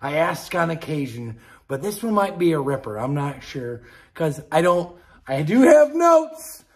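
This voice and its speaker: A middle-aged man hosting a podcast, ranting angrily and profanely about politics, dropping from low mutters to outbursts while drinking beer. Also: very animated, unhurried. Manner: angry, profane, swings between muttering and shouting. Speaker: podcast host.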